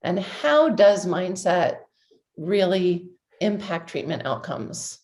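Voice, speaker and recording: A woman's voice: fairly low pitch, animated, slow pace, darkish tone. A woman hosting a podcast interview, affirming her guest and leading into questions. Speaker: podcast host.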